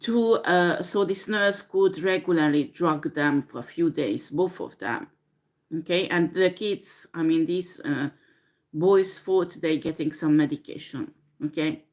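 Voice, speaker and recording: Slow, low-voiced woman doing a tarot reading. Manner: slow, hesitant, many fillers. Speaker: tarot reader. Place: home with a dishwasher running.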